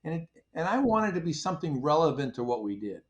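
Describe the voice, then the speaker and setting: A man's voice: on the high side, fast talker. An older man, a company founder, recounts how he started his business. He tells it like a casual story and acts out what people said along the way. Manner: animated storyteller, acts out his own past dialogue. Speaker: company founder, interview guest.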